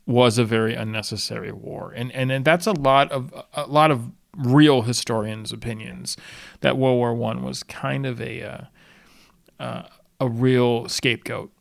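A man's voice: mid-range voice, fairly even intonation, unhurried, vocal fry, dry recording, studio quality. A man co-hosting a podcast who chats about history and keeps cracking jokes. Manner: wisecracking, chatty. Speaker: podcast co-host. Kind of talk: casual history chat.

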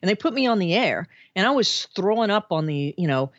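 A woman, a podcast guest telling her life story in a chatty, animated way with frequent laughs. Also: mid-range voice, fairly quick, no room sound, lo-fi sound. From Arkansas, USA. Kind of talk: casual storytelling interview.

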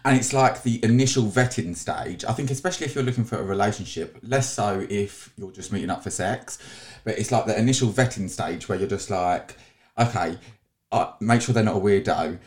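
A man co-hosting a podcast, talking frankly and quickly. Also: on the low side. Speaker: podcast co-host. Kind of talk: casual chat.

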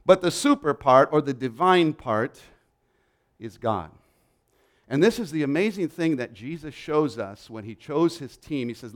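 A man's voice: on the high side, expressive, normal speed, fairly bright tone. A man preaching a sermon, emphatic and building his points through repeated lists.

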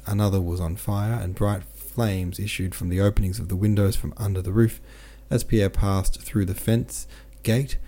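A man narrating a classic novel as an audiobook in a steady, measured reading. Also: low-pitched.

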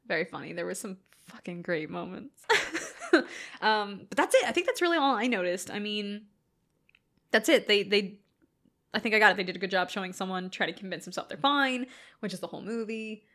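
A young woman in casual chat about a movie, animated and quick to laugh, acting out quotes. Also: mid-range voice.

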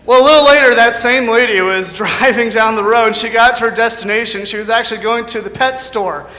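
Chatty young-sounding preacher in echoey hall. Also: male voice, very high-pitched, a little fast, pushed and bright. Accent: American. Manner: casual, chatty, lots of fillers like "you know". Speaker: guest speaker. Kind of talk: sermon with jokes. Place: church sanctuary.

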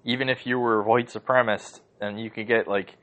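A man's voice: mid-range voice, steady tone, brisk, fairly bright tone. A man hosting a podcast from home, ranting casually and heatedly, swearing often and rambling through lots of fillers. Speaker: podcast host. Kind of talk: casual rant.

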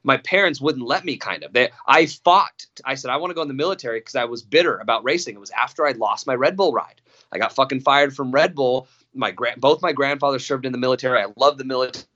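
A young man talks fast at a medium pitch, his tone bright and forceful, as he tells a personal story in casual podcast chat. He swears a lot, stresses his words, and keeps restarting and repeating himself, and the audio sounds slightly dull.

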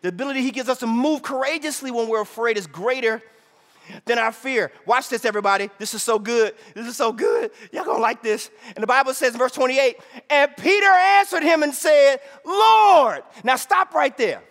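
A man preaching a sermon in a church hall, peppering it with "right?" and swinging between shouted lines and hushed asides. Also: very high voice, fairly quick. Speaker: pastor.

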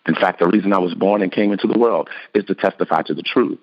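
Man reading a calm teacher on trial, slow solemn answers, low voice, muffled sound.

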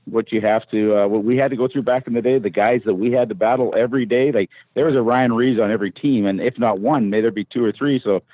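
A man, a former hockey enforcer, tells stories in a relaxed, rambling way, often restarting his sentences. His voice comes through a thin, phone-like line. The sound is dry and close, with no room around it. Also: mid-range voice, quick pace, hardly any pauses, slightly rough, no room sound. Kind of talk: casual storytelling.

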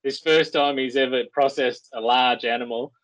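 An Australian man, a guest on a podcast, telling a rambling, animated story with frequent restarts. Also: medium pitch, normal speed, low-quality recording.

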